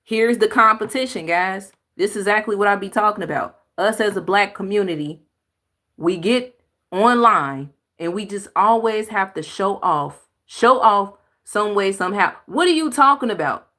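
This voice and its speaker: Woman, reaction host, blunt emphatic commentary, mid-pitched voice. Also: moderate pace, fairly bright tone. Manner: blunt, emphatic, sighs and exclaims.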